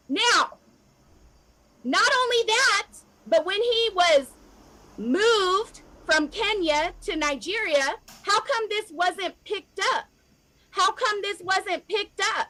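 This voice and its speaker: An American activist vlogger speaks directly to camera in a fiery, impassioned rant, repeating herself and calling out governments by name. Her voice is very high, expressive and bright with a forceful tone, though she speaks slowly, and the recording quality is low. She's emotional and at times close to tears.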